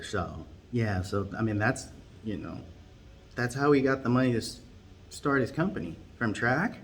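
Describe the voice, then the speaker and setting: A man telling a tall comic story in a rambling, deadpan way. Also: medium pitch, moderate pace, slight background noise. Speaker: comedian.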